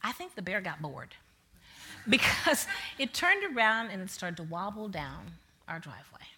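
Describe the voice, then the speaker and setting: Brief: woman minister, sermon, bright voice, lively storytelling and quiet, hushed preaching. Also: mid-range voice. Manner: animated storyteller, slowing to soft hushed preaching.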